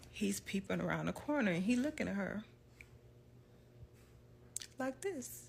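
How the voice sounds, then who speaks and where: Woman, storytime vlog, lively, acts out voices, mid pitch. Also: measured pace, vocal fry, pauses often, a little hiss or hum. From Southern US. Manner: animated, laughs often, acts out quotes.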